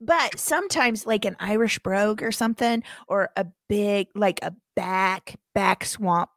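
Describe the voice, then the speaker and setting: A woman's voice: mid-range voice, measured pace, no room sound, clean studio sound. A woman co-hosting a casual podcast chat, ranting with frequent giggles. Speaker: podcast co-host.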